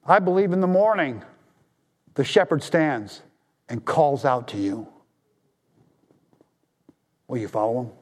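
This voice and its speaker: A man preaching a sermon as pastor, swinging from raised appeals down to hushed, low tones for emphasis. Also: unhurried, long pauses.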